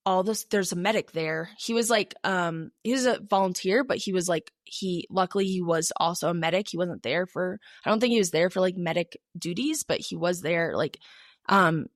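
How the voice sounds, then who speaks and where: A woman's voice: lowish voice, dry recording, clean studio sound. A young adult woman co-hosting a podcast, telling a personal story in a casual, chatty way with many fillers. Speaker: podcast co-host.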